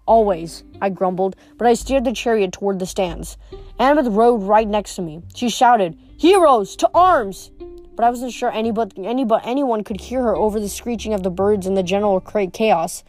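A woman's voice: mid-range voice, a little fast, dark tone, soft background music. A woman reading a novel aloud as an amateur audiobook, with frequent slips and restarts. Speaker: audiobook reader.

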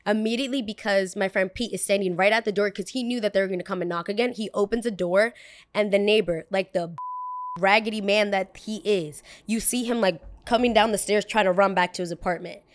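A young woman telling a story in a casual, slangy, animated way. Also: mid-range voice, a little fast. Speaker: podcast host.

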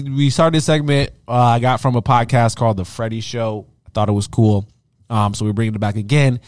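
A man co-hosting a casual podcast, animated and laughing, rambling with lots of restarts. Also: medium pitch, no room sound. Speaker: podcast co-host. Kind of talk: casual chat.

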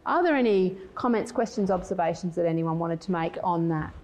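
A woman's voice: fairly low pitch, fairly quick. Woman in her middle years giving a conference talk, chatty and storytelling, lots of restarts. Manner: lively storytelling, acts out quoted voices; restarts and filler words. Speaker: conference speaker. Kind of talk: conference talk with personal anecdotes.

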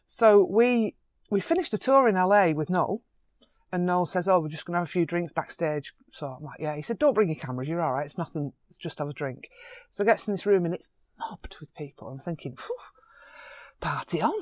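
A woman photographer, telling animated anecdotes in an interview and laughing easily. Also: lowish voice, no echo, studio quality. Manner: animated, excitable storyteller with quick laughs.

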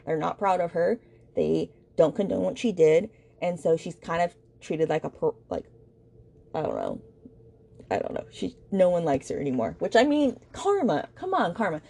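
A woman's voice: fairly low pitch, sing-song, moderate pace, creaky, warm tone, breathy edge. A woman hosting a book podcast, recapping a novel's plot in a chatty, blunt way and quoting the characters' lines. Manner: chatty, blunt, retelling scenes with quoted dialogue.

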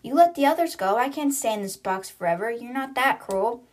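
A woman's voice: a little high, animated, a little fast. A woman reading a bitter captive teen boy. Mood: pleading.

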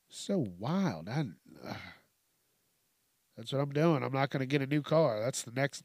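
A man's voice: medium pitch, normal speed, dry recording. A man hosting a comedic news commentary, ranting with lots of swearing and frequent laughter. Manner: profane, ranting, laughs often. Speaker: host.

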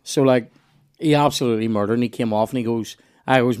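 A man's voice: mid-range voice, steady tone, quick pace, a little mellow, clean tone. A Northern Irish man telling loose, rambling stories in casual podcast chat, with restarts and swearing.

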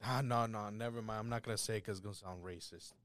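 A man's voice: lowish voice, steady tone, fast, a bit bright. A man co-hosting a casual show, joking loosely with profanity. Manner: laid-back, joking, profane. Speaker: co-host. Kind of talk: casual commentary chat.

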